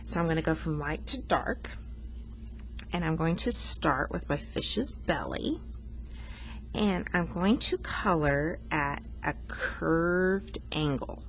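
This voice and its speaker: A woman's voice: deep voice, animated, takes it slowly, a little hiss or hum. A woman art teacher talking students through a coloring lesson, patient and explanatory, teasing herself now and then.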